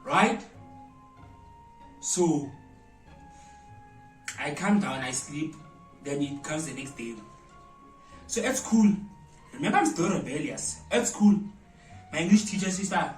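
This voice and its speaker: Animated South African man, roomy echo. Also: on the high side, a little slow, long pauses, far from the mic. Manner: animated, dramatic storyteller with loud exclamations. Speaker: vlogger. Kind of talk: storytime vlog. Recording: roomy echo, voice away from mic, faint music.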